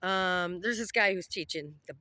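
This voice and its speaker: Brief: woman vlogger, irritable rambling monologue, low-ish voice, dry close sound, outdoors by a pond. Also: moderate pace, sharp tone, no room sound. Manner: irritable, cranky venting. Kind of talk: casual rambling monologue to camera.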